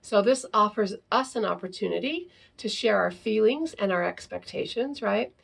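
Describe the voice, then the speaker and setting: A woman with a gravelly, slightly husky voice talks parents through a lesson in a relaxed, informal way. She keeps checking in with a quick "right?" after her points and now and then slips into acting out short example phrases. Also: medium pitch. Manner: peppers sentences with tag question "right?"; acts out example phrases to children. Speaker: parenting educator and teacher. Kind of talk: informal teaching talk to parents.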